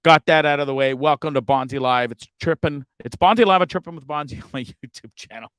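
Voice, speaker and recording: A man's voice: on the high side, quick pace, a bit bright, clean tone, no room sound, clean studio sound. A man hosting a casual live stream from a campground. He rambles, swears freely, trips over his words, and sounds openly frustrated. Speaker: livestream show host.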